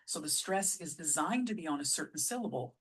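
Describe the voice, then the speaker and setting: A woman who runs a musical theatre company, explaining lyric writing in a casual teaching vlog, patient and often restarting phrases, sounding out example lines slowly. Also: deep voice, expressive, a bit bright, husky. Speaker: musical theatre artistic director.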